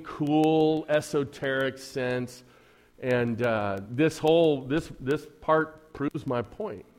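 This pastor's voice is medium in pitch with a darkish tone. Preaching a Sunday church sermon, he keeps things chatty and jokey, firing off frequent rhetorical questions to the congregation with a dry, sarcastic edge.

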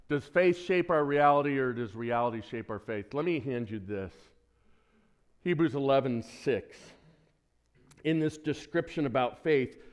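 A man preaching a sermon as pastor, lively and conversational, who quizzes the congregation and throws in joking asides. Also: medium pitch. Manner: lively, asks the congregation questions, self-deprecating asides.

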